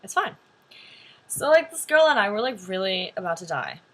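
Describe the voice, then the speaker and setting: A woman's voice: mid-range voice, moderate pace. A young woman vlogger telling a story to camera in a chatty way, full of "like" fillers. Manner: chatty, animated, many "like" fillers.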